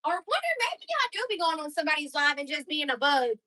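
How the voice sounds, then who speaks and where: A woman's voice: high-pitched, big pitch swings, brisk, pushed and bright, low-quality recording. A woman in her twenties chatting casually on a livestream, answering viewer comments in a blunt, outspoken way and swearing freely.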